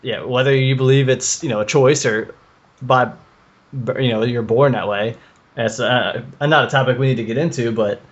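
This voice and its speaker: Deadpan man with dry short replies. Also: medium pitch, normal speed, lo-fi sound. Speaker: podcast co-host. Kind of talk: casual podcast chat.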